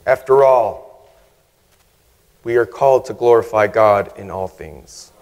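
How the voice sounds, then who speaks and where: A man preaching a sermon as guest preacher, measured and humorous, with emphatic pauses. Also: fairly low pitch, a little mellow. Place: church sanctuary. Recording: reverberant church hall.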